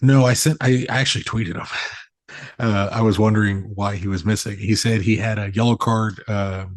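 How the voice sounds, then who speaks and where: A man in his thirties, co-hosting a casual podcast, telling animated stories and swearing freely. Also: lowish voice, moderate pace, no room sound, studio quality. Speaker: podcast co-host. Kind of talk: casual chat.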